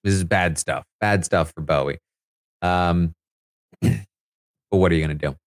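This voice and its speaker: A man's voice: low-pitched, unhurried, dry recording, studio quality. A man hosting a casual recap of a reality show, chatty and full of fillers, laughing as he talks. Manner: chatty, filler-heavy, laughs while talking. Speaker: live feed recap host.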